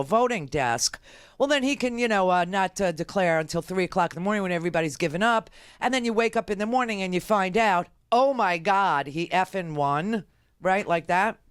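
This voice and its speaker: A woman's voice: medium pitch, clean tone, no echo. A woman radio talk show host delivering exasperated political commentary from a studio, emphatic and repeating her phrases for effect.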